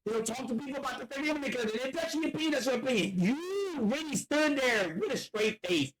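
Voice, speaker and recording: Excitable, profane young male podcast host. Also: very high-pitched, fast, a crowd in the background. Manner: excitable, profane, repeats words when worked up. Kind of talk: casual podcast banter.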